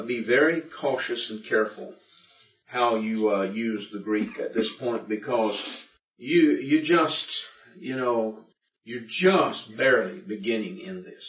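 A man teaching a Greek language class in a folksy, halting lecture style, often repeating himself. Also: mid-range voice. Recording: roomy, distant, muffled classroom recording.

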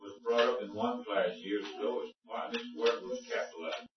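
A man's voice: mid-range voice, wildly swooping pitch, a little fast, crowd noise. A man in a Bible class making emphatic remarks about the lesson. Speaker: class member. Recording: echoey room, distant muffled mic.

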